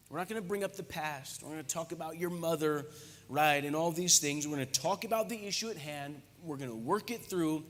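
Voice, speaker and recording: A man preaching a sermon on marriage, lively and conversational, with frequent jokes and asides. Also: on the high side. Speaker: pastor. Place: church hall. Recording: echoey church hall reverb.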